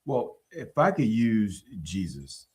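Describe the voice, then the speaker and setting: A man's voice: lowish voice, big pitch swings, slow pace, a little mellow. A man who preaches, co-hosting a casual faith talk show in an easygoing, agreeable way. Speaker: co-host, preacher. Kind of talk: casual chat.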